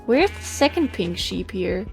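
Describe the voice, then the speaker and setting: A woman's voice: mid-range voice, big pitch swings, unhurried, creaky, faint music behind. A young woman hosting a game let's play, chatting and rambling through stories while she plays. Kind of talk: casual gaming commentary.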